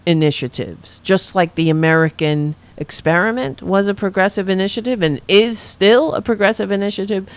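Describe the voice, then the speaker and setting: A woman's voice: medium pitch, normal speed, few pauses, smooth. A woman hosting her own political commentary show, speaking in an impassioned, rallying way and repeating slogans.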